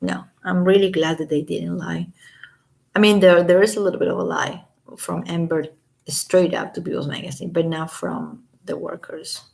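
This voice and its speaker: Low gravelly woman, sarcastic vlogger. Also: steady tone, moderate pace, a little mellow. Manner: sarcastic, scoffing asides. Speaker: commentary vlogger. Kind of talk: casual commentary reading court statements aloud.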